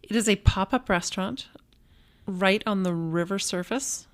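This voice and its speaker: A young adult woman co-hosting a casual podcast, chatty and easygoing, laughing often and filling pauses with ums while she shares event news. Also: medium pitch. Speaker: podcast co-host. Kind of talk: casual chat.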